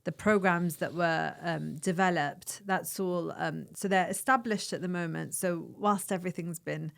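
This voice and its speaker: A woman's voice: on the low side, fairly even intonation, moderate pace, vocal fry. A woman physician from Lebanon, speaking as a guest in a conversational interview, thoughtful and hesitant, with frequent fillers.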